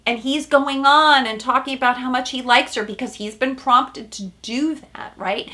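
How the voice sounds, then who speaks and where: Animated woman therapist recapping TV. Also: high-pitched, normal speed, few pauses. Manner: animated, emphatic, with many "right?" asides. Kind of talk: casual commentary on a reality show.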